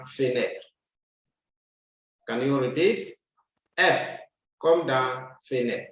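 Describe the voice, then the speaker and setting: A man teaching French, drilling pronunciation and repeating each word slowly for the learner to copy. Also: medium pitch, a bit bright. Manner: slow, deliberate, repeats words for the learner to copy. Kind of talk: language lesson, drilling pronunciation. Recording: very echoey room.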